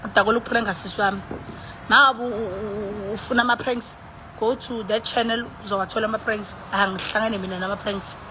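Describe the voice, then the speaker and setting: A woman's voice: medium pitch, steady tone, fast talker, pushed and bright, a little hiss or hum. A tipsy woman with a South African accent, rambling and sighing in casual live-stream chat, switching between languages as she talks into her phone. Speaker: livestreamer.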